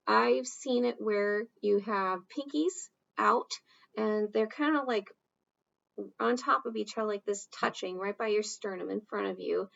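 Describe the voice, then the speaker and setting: Brief: woman, unhurried sign language teacher, gravelly fry, lo-fi recording. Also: medium pitch. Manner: slow, relaxed, with many fillers and acted example phrases. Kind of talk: casual instructional talk.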